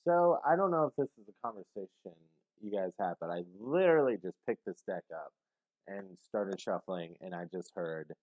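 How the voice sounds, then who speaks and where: A man's voice: low voice, animated, moderate pace, phone-quality sound. A man giving a casual tarot reading to camera, rambling and hesitant, with many fillers. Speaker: tarot reader.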